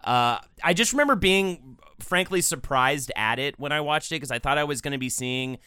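Male co-host, bright tense voice, dry close sound, eager and jokey. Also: a little high, animated, moderate pace, clear, resonant tone, no echo. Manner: enthusiastic, jokey, reads out quotes. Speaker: podcast co-host. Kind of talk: casual film discussion.

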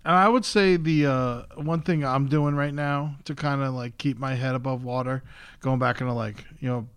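A man's voice: medium pitch, steady tone, moderate pace, fairly bright tone, smooth. A male comedian co-hosting a podcast in loose, casual chat with some swearing. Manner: loose, swearing, laid-back. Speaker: podcast co-host.

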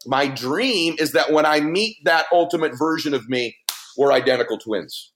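A middle-aged man speaking as a guest on a podcast, telling a personal story in an earnest, emphatic way with big swings in pitch. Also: lively intonation, moderate pace, fairly bright tone, a little hiss or hum. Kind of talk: heartfelt podcast conversation.

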